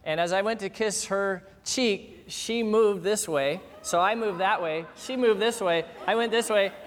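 High-voiced pastor telling a comic story. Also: male voice, measured pace, in a large hall, a little hiss or hum. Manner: animated, humorous storyteller acting out scenes. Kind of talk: storytelling sermon.

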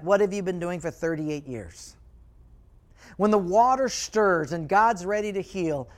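Male pastor preaching with animated storytelling. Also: sits high. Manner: animated storytelling, dropping to quiet emphasis. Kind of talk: sermon.

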